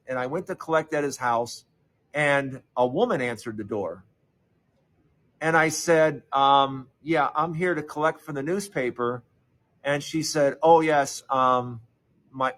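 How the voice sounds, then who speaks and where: Middle-aged male storyteller, slightly high voice, conversational, lots of restarts, drops low and soft for quoted lines. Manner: conversational, halting, many restarts and fillers; softens and lowers voice when quoting others. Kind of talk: personal storytelling.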